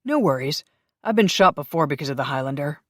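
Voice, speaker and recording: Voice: medium pitch, animated, fairly quick, no echo, clean studio sound, lightly acted. An audiobook narrator voicing a breezy, joking male sidekick who drives the group.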